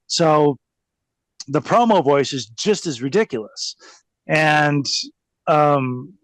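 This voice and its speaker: Slow-talking, laughing man, dry sound. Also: mid-range voice, vocal fry, no echo. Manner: rambling, laughs often, mocking. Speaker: guest, former pro wrestler. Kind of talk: casual interview storytelling.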